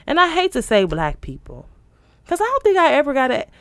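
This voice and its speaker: This co-host speaks fairly quickly in a high-pitched voice, with no room sound on the recording. She tells a story in casual podcast chat and animatedly does the voices of the people she quotes.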